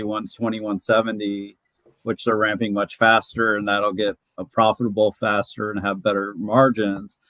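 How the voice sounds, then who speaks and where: Guy with a lowish voice chatting on a panel, thinks out loud, dry close sound. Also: no echo, poor audio. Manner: thoughtful, hedging with fillers. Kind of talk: casual panel chat.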